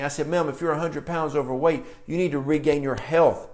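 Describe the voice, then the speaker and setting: A middle-aged man preaching a sermon in a forceful, folksy country manner, telling stories from his ministry. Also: fairly high pitch, fairly even intonation, fairly quick, few pauses. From rural American. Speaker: apostle and preacher.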